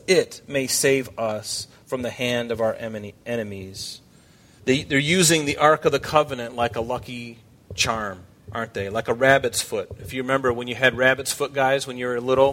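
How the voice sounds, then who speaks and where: Male pastor, middle pitch, preaching to the congregation in a chatty way with animated scripture quotes. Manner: animated, shifts pitch when quoting scripture figures; conversational asides to the congregation. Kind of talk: expository sermon.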